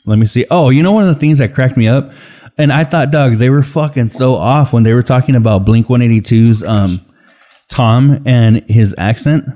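A man's voice: mid-range voice, moderate pace, dark tone. Rambling, swearing male podcast host. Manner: rambling, swears freely, mimics others. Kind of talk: casual chat.

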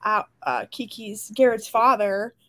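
A woman's voice: mid-range voice, a little slow, fairly bright tone. A woman co-hosting a casual book podcast, recapping the plot animatedly with many fillers over a video call. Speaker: podcast co-host. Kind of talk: casual book club chat.

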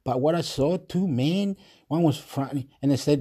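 A man delivers a rambling, exasperated monologue in a slightly high, mellow voice. He circles back to the same phrases, trips over his words and breaks into short laughs. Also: expressive, measured pace, slightly rough. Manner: repetitive, stumbling, frequent laughs; agitated, exasperated rant.

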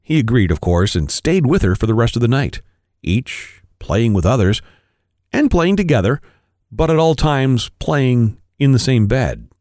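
A man, a podcast co-host, reading an erotic story aloud with expressive, varied delivery. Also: medium pitch, a little slow, no echo, clean studio sound.

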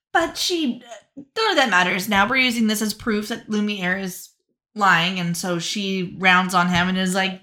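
Female podcast co-host, bright tone, animated recap with quick character voices. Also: medium pitch. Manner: lively, acts out characters' lines in quick voices. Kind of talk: casual chat, recapping with acted quotes.

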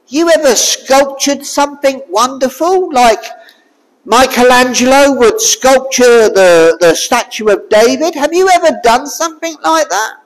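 A preacher giving a sermon to a small congregation, asking the listeners question after question. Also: high voice. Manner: slow, questioning, draws listeners in with repeated rhetorical questions. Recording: long reverb of a hall.

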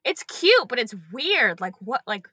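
A woman's voice: fairly high pitch, very animated, a little slow, bright, forceful tone, slightly rough, no echo. A young woman and preschool teacher chatting as a podcast guest, telling stories animatedly and swearing casually.

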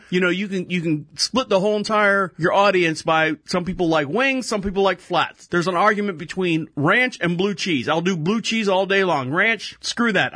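A man's voice: sits high, bright, forceful tone, no room sound, clean studio sound. A man telling a rambling, self-amused anecdote in a casual chat, swearing now and then and laughing between sentences. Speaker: storyteller.

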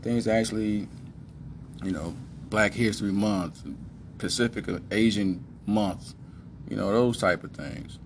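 Animated, slangy man telling stories. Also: on the low side, a little slow, long pauses, slight background noise. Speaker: podcast host. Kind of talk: casual storytelling.

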